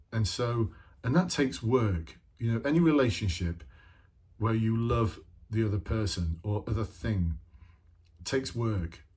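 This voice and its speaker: A man's voice: lowish voice, darkish tone, slightly rough. A middle-aged man, a former police officer, giving an informal coaching talk full of rhetorical questions. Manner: conversational, asks many rhetorical questions, talks to himself. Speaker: former police officer turned leadership trainer.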